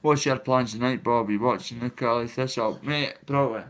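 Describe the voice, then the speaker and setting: Man, mid-pitched voice, rapid-fire, blunt, swearing, live-stream chat. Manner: fast, blunt, swearing, shouting out viewers. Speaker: livestreamer. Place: a family member's home, indoors.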